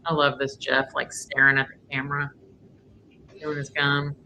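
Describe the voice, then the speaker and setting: A woman's voice: very deep voice, monotone, moderate pace, sharp tone, a little hiss or hum, rough recording. A woman with a Southern accent hosting a live stream, chatting casually as she reacts to a clip. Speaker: livestream host. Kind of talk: casual true-crime commentary.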